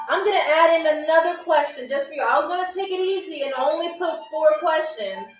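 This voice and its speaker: A woman's voice: sits high, lively intonation, a little fast, few pauses. A woman hosting a live trivia stream, chatting casually and teasing viewers as she reads their comments. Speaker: game show host on a livestream. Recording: roomy echo, distant from mic, faint music.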